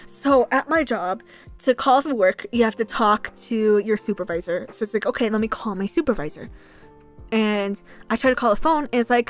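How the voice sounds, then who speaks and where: A young adult woman streamer chatting casually and telling a rambling, animated story, swearing freely as she goes. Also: on the high side, normal speed, faint music behind. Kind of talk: casual livestream chat.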